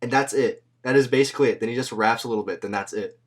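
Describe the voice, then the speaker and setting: A man's voice: mid-range voice, fast talker, crowd noise. A man hosting a podcast in loose, slangy casual chat, swearing freely and laughing often. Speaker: podcast host.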